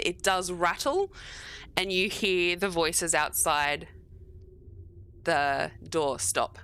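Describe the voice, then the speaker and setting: A woman running a tabletop game as game master, narrating scenes in an unhurried, descriptive way with filler pauses. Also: fairly low pitch, a bit bright, clear, resonant tone.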